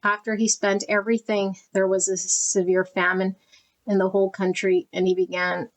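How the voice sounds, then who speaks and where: A woman reading card texts aloud in a tarot deck flip-through at home, slowly and tenderly, easily moved. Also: medium pitch, little pitch movement, rough recording.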